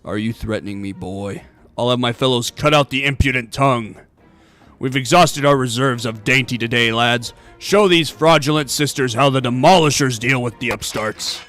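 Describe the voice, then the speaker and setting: A man voicing a boastful, gruff male pirate captain in a video game playthrough. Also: mid-range voice, moderate pace, fairly bright tone, soft background music, lightly acted. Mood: menacing. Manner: gruff, puffed-up and defiant.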